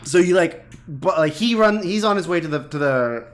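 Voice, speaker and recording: A man co-hosting a casual podcast, walking through a film's plot in a loose, rambling way. His voice sits a little high for a man, and he drops into quick acted-out quotes as he goes. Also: lively intonation, slight background noise. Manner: rambling retelling, acting out lines in quick bits. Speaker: podcast co-host. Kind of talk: casual movie recap chat.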